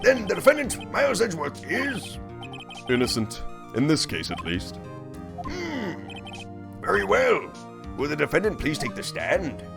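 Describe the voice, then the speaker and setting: A shrill fussy old judge played by a man. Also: wildly swooping pitch, a little slow, vocal fry, heavily acted. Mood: stern. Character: fussy elderly male court judge. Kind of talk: reading game dialogue aloud. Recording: faint game music behind.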